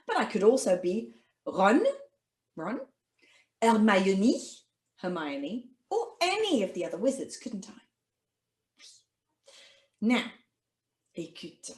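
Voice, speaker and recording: A woman's voice: medium pitch, big pitch swings, slow pace, pauses often, roomy sound. A woman teaching an online French lesson to children in a cheerful, sing-song manner. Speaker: language teacher.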